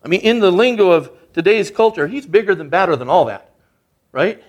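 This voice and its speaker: A man's voice: sits high, animated, brisk. A man preaching a sermon as a guest speaker, in an earnest, conversational way that builds in emphasis.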